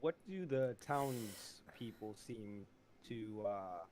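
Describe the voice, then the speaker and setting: A man's voice: lowish voice, animated, slow pace, a little mellow, a little hiss or hum. Casual wheedling male player. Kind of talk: casual in-character bargaining.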